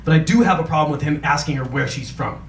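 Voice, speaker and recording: A man's voice: on the high side, fast talker. A man performing a stand-up comedy set on a club stage, ranting through punchlines and acting out his friends' voices. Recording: echoey club room with crowd noise.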